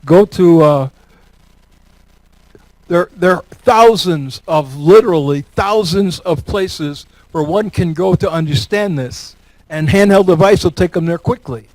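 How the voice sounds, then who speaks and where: A man's voice: high voice, a little slow, a little mellow, no room sound, rough recording. A man from New York state gives a talk and takes audience questions, folksy and joking, repeating words for emphasis. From Elmira, New York. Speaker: guest speaker.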